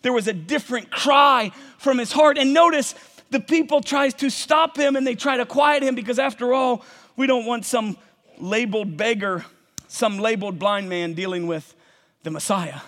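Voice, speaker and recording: A man preaches with fervor in a very high, bright, forceful voice, building to shouts and checking in with his listeners. His sermon rings through a church sanctuary with a long reverb trailing each phrase. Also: normal speed. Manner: impassioned preaching, rising to shouts, calls to the congregation. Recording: long reverb of a large hall.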